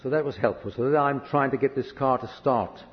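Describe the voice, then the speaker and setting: A man's voice: mid-range voice, fairly quick. A man from a hot country preaching a sermon, telling a personal story earnestly and vividly. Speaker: visiting preacher. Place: church hall. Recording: echoey hall, dull lo-fi sound.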